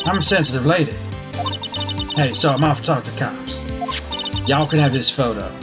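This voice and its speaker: A woman doing a brash young Southern photographer with a thick, folksy drawl, sassy and quick with sayings. Her tone swings widely, and game music plays clearly behind her. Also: a bass voice, lively intonation.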